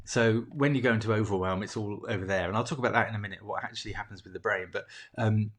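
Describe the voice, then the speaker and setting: A man coaching on mindset, talking reflectively and haltingly, with many restarts and fillers. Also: on the low side. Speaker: coach hosting a mindset program. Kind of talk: reflective solo talk.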